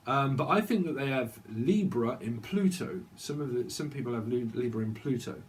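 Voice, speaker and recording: A man's voice: mid-range voice, animated, normal speed, slight background noise. A man giving a channelled tarot reading, rambling and free-associating, laughing now and then. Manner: rambling, free-associating, sings snatches of songs. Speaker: tarot reader.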